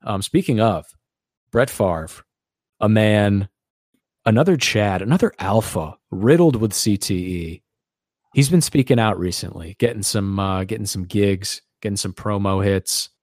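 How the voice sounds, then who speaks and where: Male podcast host, low-ish voice, sarcastic and rambling, dry recording. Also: lively intonation, measured pace, a little mellow, no echo. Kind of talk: casual podcast chat.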